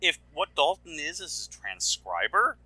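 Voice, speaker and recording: A man co-hosting a podcast in casual chat, lively with stammering restarts. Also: a little high, measured pace, over a noisy crowd, poor audio. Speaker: podcast co-host.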